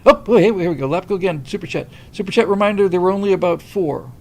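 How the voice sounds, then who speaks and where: A middle-aged man hosting a casual livestream, rambling and animated as he reads viewer comments. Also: sits high, quick pace, gravelly, slight background noise. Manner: rambling, animated, many restarts. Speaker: livestream host reading super chats.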